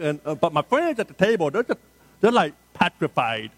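A middle-aged male pastor delivering a sermon with a slightly higher than usual voice. He talks to the congregation in a loose, joking, story-driven way, with plenty of asides and questions to the room. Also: very animated, fast. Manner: conversational, humorous storytelling with audience asides.

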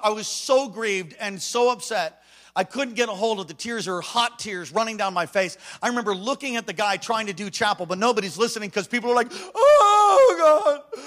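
A man preaching a sermon in an animated storytelling manner, talking straight to his congregation. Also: extremely high pitch.

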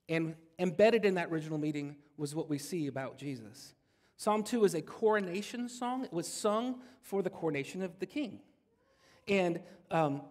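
A man's voice: high-pitched, a little mellow, long reverb tail. A man preaching a sermon as pastor, in a conversational way that jokes with his congregation.

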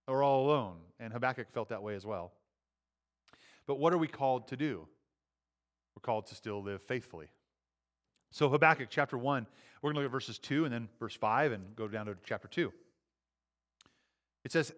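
A pastor preaching a sermon in a conversational style, often restarting phrases and rising emphatically on key lines. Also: male voice, medium pitch, fairly bright tone.

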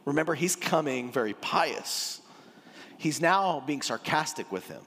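A man giving a sermon as pastor, with a casual, joking, animated delivery. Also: medium pitch, normal speed, breathy edge. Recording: long hall reverb.

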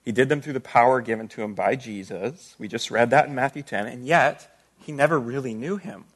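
A man's voice: mid-range voice, brisk, fairly bright tone, husky. Man preaching a conversational sermon. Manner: conversational teaching with rhetorical questions. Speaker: pastor.

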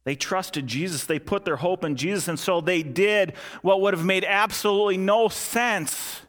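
A male pastor preaching a sermon earnestly, repeating key lines and dropping his voice soft and low for emphasis. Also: normal speed.

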